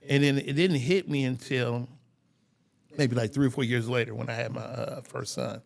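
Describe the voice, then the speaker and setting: A man's voice: medium pitch, moderate pace, creaky. A middle-aged man from the San Francisco Bay Area, a company founder telling a family story as a guest in a casual interview. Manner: animated storyteller who acts out family voices.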